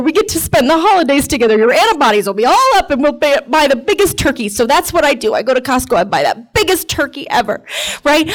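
Animated woman telling a comic story. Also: high-pitched, rough recording. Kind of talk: personal storytelling to an audience.

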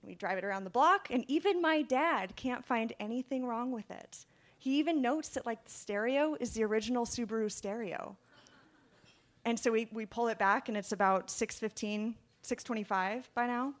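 Young woman telling a lively personal story. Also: fairly high pitch, moderate pace. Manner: lively storytelling with hushed, whispered asides. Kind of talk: personal story told to an audience.

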